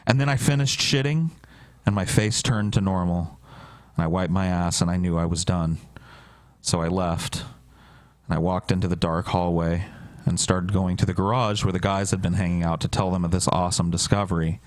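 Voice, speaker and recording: A man's voice: sits low, steady tone, moderate pace, no room sound. A man telling a wild story on a podcast, casual and profane, often laughing through it. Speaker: podcast guest.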